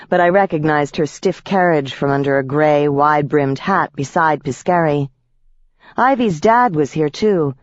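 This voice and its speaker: A woman narrating a first-person audiobook with a wry, lively storytelling manner. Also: low-pitched, no room sound, lo-fi sound.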